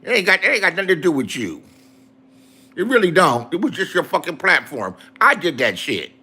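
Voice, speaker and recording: A man's voice: high voice, bright, forceful tone, slightly rough. A man in a profane, angry rant to his viewers, repeating insults. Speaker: online streamer.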